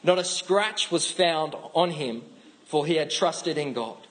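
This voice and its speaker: A man's voice: a little high, lively intonation, measured pace, a bit bright, rough recording. A man with an Australian accent giving a casual, chatty sermon, with frequent restarts. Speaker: pastor.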